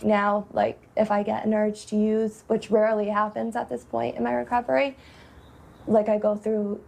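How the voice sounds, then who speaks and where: Woman in her twenties, gravelly vocal fry, candid documentary interview, chatty with many "like"s. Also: mid-range voice, flat delivery, normal speed, darkish tone. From Massachusetts, USA. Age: 20s. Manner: candid, heavy use of "like". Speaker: interviewee in recovery.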